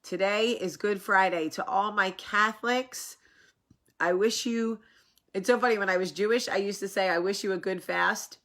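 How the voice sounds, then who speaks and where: A woman hosting a casual vlog, talking to camera in a rambling, animated way, with a sore, swollen face after dental work. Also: medium pitch, normal speed. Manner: chatty, rambling, animated asides. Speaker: vlog host.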